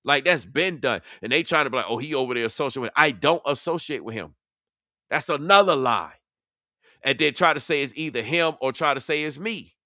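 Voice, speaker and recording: A man's voice: fairly high pitch, lively intonation, moderate pace, sharp tone, no room sound, studio quality. Confrontational man calling out rivals. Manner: confrontational, preachy, mocking. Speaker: online commentator. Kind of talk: heated reaction commentary.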